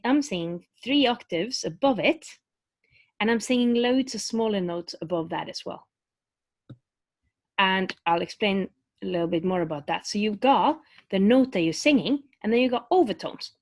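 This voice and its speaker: A woman's voice: mid-range voice, animated, normal speed, dry recording. A woman vocal coach explaining vocal technique in a webinar, talking loosely with many fillers and restarts. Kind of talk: webinar teaching with sung demonstrations.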